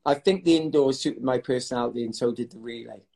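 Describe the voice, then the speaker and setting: A middle-aged man from the United Kingdom, a retired athlete telling stories in a chatty, animated way in an interview, laughing now and then. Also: medium pitch, quick pace, gravelly. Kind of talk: casual storytelling interview.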